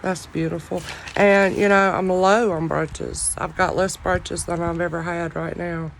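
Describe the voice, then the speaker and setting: A woman with a long, deep Southern drawl talks to her viewers in a loud voice that carries. She speaks slowly and folksily, sprinkling in y'all, while a faint breeze and outdoor noise sit behind her. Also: level tone, gravelly. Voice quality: loud, carrying voice. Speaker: online jewelry reseller. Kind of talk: casual chat to viewers.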